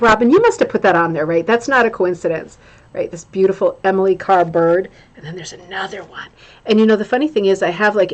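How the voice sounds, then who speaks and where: Middle-aged woman host, casual livestream chat, rambling asides, mid-pitched voice. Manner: chatty, greets viewers by name, scattered asides.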